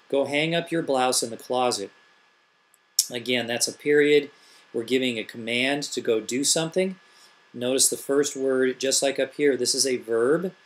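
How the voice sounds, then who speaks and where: A middle-aged man, an elementary school teacher, patiently explaining grammar step by step and asking rhetorical questions. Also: medium pitch. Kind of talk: classroom grammar tutorial.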